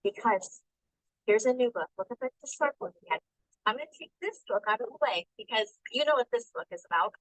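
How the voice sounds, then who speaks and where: A woman teacher reading a picture book aloud to young children in a classroom, asking them questions by name and slowing down to sound out the words. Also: fairly high pitch, lively intonation, fairly bright tone, dry recording, poor audio. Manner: coaxing, calls on children by name and asks questions.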